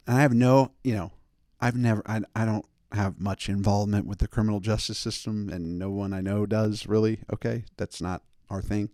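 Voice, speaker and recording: A man's voice: lowish voice, fairly even intonation, brisk, a little mellow, no echo, studio quality. A man hosting a podcast, telling a story in a chatty, sarcastic way and acting out the other people in it. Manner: chatty, sarcastic, acts out every character in the story. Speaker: podcast host. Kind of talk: casual comedic storytelling monologue.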